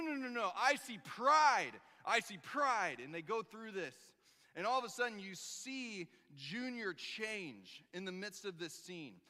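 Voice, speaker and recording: A man preaching a sermon as a pastor, telling a story with animated emphasis and acting out the lines he quotes. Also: sits high, long reverb tail.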